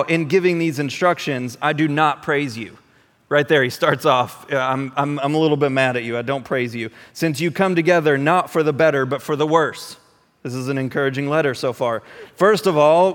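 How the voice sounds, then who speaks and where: Pastor, male, fairly high voice, casual preaching, long church reverb. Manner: conversational, animated, repeats words when restarting. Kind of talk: sermon.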